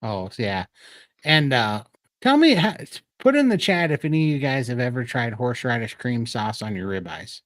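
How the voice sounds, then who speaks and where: A man's voice: mid-range voice, very animated, normal speed, no room sound. Chatty man, laughing, on a video call. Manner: chatty, laughs often, loose rambling asides. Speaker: co-host of a livestream show. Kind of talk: casual livestream chat.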